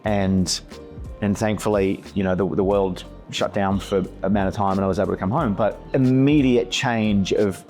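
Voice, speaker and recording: A man in his forties, an actor guest, speaking slowly and earnestly in a reflective podcast conversation and repeating words as he searches for them. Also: lowish voice, steady tone, darkish tone, faint music behind. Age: 40s.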